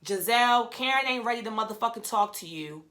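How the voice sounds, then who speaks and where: A woman's voice: fairly high pitch, lively intonation, brisk, sharp tone. A woman giving a casual recap of a reality TV episode from home, blunt and profane, trash-talking with a lot of energy. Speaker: reality TV commentator. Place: home room.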